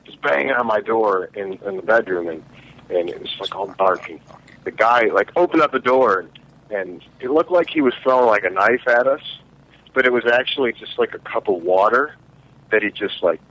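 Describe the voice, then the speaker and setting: A man in casual chat, telling a childhood scare in a halting, filler-heavy way. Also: on the low side, lively intonation, a bit bright, lo-fi sound.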